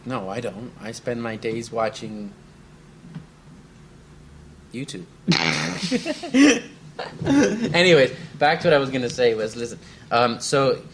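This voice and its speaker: A man's voice: medium pitch, very animated, takes it slowly, pauses often, a little hiss or hum. Rambling young man telling workplace stories. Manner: rambling storyteller, acts out quoted coworkers, laughs often. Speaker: podcast co-host. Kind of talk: casual chat.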